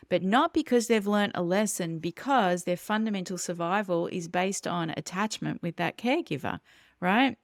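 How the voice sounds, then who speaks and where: A woman's voice: fairly low pitch, no echo, studio quality. A woman who is a parenting educator, explaining earnestly in a podcast interview and bringing in vivid everyday examples.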